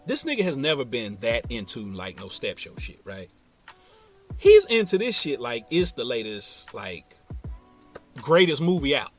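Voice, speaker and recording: A man from Ohio tells a story on his own podcast, relaxed and full of slang. He talks straight to his listeners, and his voice rises and falls freely. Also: medium pitch, unhurried, faint music behind. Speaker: podcast host. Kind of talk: casual storytelling.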